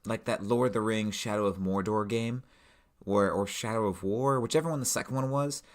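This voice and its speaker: A man co-hosting a tabletop gaming podcast, pitching a scenario in a rambling, casual way with lots of fillers. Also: moderate pace. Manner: rambling, many fillers and restarts. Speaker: podcast co-host, game master. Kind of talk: casual chat.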